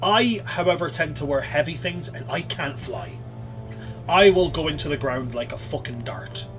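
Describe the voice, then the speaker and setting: A man narrating as game master, animated and stammering when excited, with some swearing. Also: fairly high pitch, normal speed, over music.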